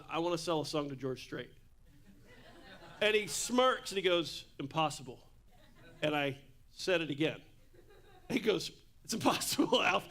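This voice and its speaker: Bright, high-voiced pastor preaching. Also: male voice. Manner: casual, jokey preaching with asides. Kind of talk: sermon. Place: church.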